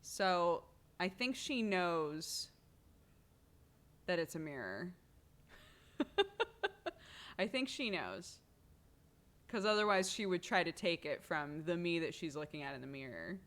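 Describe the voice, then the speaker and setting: Woman streamer, playful baby-talk chat, lively pitch, unhurried delivery. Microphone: desk microphone.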